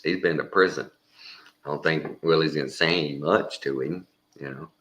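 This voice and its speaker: A man's voice: a bass voice, moderate pace, fairly bright tone. A man telling a rambling, folksy anecdote in a casual way, sprinkled with mild swearing. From Texas. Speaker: storyteller.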